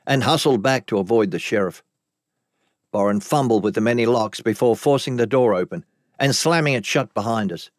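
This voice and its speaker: A man narrating a story in the first person with dramatic, expressive delivery. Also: medium pitch, no echo. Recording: dry close recording.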